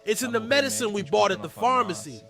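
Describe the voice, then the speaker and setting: A man's voice: high-pitched, expressive, fast, music in the background. A man chatting in a spiritual discussion, agreeing and musing aloud.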